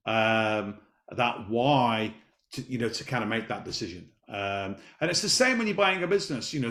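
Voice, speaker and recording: A man's voice: medium pitch, fairly bright tone, reverberant. A man in his fifties telling a personal story in an interview, talking emphatically and repeating his key phrases. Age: 50s. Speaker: business guest.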